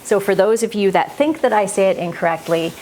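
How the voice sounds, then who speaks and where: Brisk and somewhat dark in tone, this medium-pitched woman with a Canadian accent makes casual cooking chat in her home kitchen as a vlogger. She laughs readily and thinks out loud, with slight background noise.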